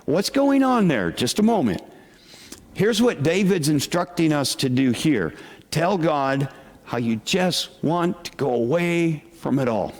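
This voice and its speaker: Male pastor, unhurried conversational sermon delivery that questions the congregation; long hall reverb. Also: on the high side, big pitch swings. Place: church sanctuary with congregation.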